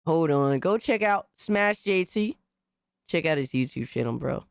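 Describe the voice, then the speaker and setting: A young-sounding man streams live and chats to his viewers in a hoarse, worn voice after being sick. He talks in bursts of excitement, swears freely and keeps giving shout-outs. His voice sounds close and dry. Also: on the high side, unhurried, no room sound. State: hoarse, recovering from illness. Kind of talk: casual live-stream chat.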